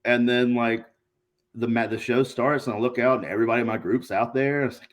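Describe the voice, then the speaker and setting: A man, a guest on a casual podcast, telling stories in a profane, animated way and acting out quotes. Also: mid-range voice, a little fast. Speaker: guest, pro wrestler.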